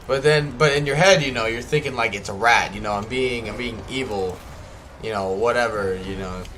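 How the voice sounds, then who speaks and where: A young man chats his way through a game livestream, rambling and restarting his sentences as he goes. His voice sits in a middling pitch. A faint hiss of noise runs underneath. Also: moderate pace, fairly bright tone. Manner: rambling, chatty, lots of fillers and self-corrections. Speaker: gaming streamer. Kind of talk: casual livestream commentary.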